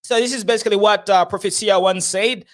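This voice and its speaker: Host: high-pitched man, chatty political commentator who laughs often. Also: fairly even intonation, fast.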